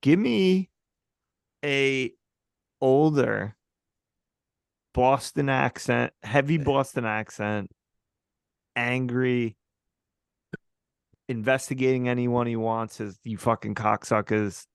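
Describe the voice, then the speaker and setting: Slow-talking gravelly man hosting a chat. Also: medium pitch, no echo. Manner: dry, crude joking, steers the segment. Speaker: podcast co-host. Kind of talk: casual movie chat.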